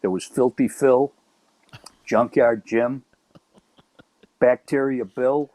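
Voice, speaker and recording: A middle-aged man from Chicago's South Side, telling old neighborhood stories in a casual, animated chat. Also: mid-range voice, slow pace, dry recording. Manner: animated, acts out quoted voices. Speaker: guest storyteller.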